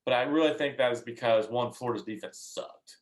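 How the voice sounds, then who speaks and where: A man's voice: mid-range voice, fairly quick. A man co-hosting a casual sports podcast, giving opinions hesitantly and often restarting his words. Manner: hesitant, repeats words while thinking. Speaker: podcast co-host.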